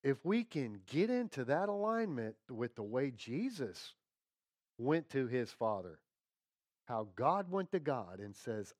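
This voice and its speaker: A man preaching a sermon in a conversational, folksy way, checking in with his listeners and dropping to quiet tones for emphasis. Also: medium pitch, lively intonation, unhurried, dry recording, clean studio sound. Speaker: pastor.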